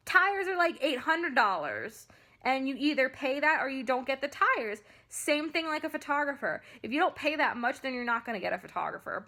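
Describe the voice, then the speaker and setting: Young woman, ranting vlog, bright tense tone, frustrated and emphatic, close to tears. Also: high-pitched. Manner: frustrated, emphatic venting with many fillers. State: upset, near tears. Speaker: vlogger and photographer.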